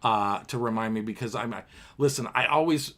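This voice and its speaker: A man with a mid-range, slightly bright voice talks fairly quickly. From his home apartment, he hosts a livestream piano bar, singing show tunes and playfully chatting with viewers as he reads their comments aloud.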